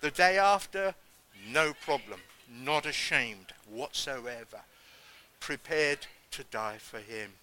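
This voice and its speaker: A man giving an emphatic sermon testimony, telling his story and acting out the words of others with big swings in pitch. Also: slow, bright, forceful tone, a little hiss or hum, poor audio.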